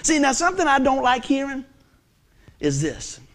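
A folksy, animated preacher in his fifties tells his story in a sermon, his notably high voice moving at normal speed. He swings from near-whispers to loud, ringing declarations.

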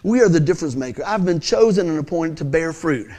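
High-voiced animated male preacher. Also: fast. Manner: animated storytelling with laughter and loud peaks. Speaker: pastor. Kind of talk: sermon.

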